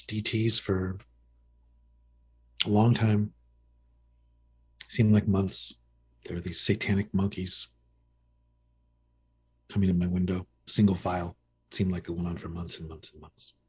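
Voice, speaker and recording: His voice is on the low side, husky and darkish, with little pitch movement, a moderate pace and long pauses. He's a podcast guest in his fifties recounting his recovery conversationally, frankly mocking himself and restarting a lot.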